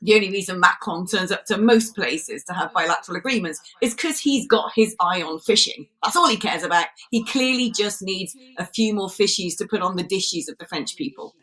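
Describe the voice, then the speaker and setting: British woman co-host, sharp and sarcastic, mocks politicians in casual talk. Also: medium pitch, lively intonation, brisk, few pauses. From Britain. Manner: sarcastic, mocking, puts on comic voices.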